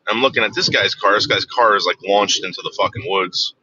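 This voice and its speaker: Deep-voiced man telling rambling stories. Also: fairly quick, sharp tone, slight background noise. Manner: profane, rambling, self-interrupting. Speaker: storyteller. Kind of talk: casual anecdote. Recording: dull lo-fi dry recording.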